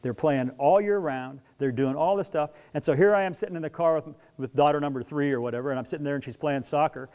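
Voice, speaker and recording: Middle-aged guy giving a talk to parents, kinda high voice, acts stuff out, animated. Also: fast talker, hardly any pauses. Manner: animated storyteller who acts out scenes. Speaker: speaker on parenting young athletes. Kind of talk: talk to an audience.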